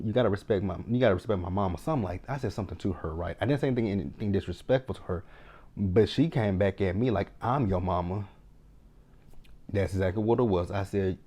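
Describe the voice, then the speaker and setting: A young man with a low, mellow voice talks straight to his viewers in a casual recap vlog. He tells stories with lots of acted-out quotes and quick asides. The delivery is loose and chatty, with a relaxed, warm tone. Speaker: reality TV recap vlogger.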